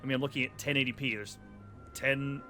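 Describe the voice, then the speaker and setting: A man with a medium-pitched, bright and forceful voice commentates casually on a let's-play, speaking a little fast in a steady tone. He jokes and rambles sarcastically over the cutscenes while soft music plays in the background.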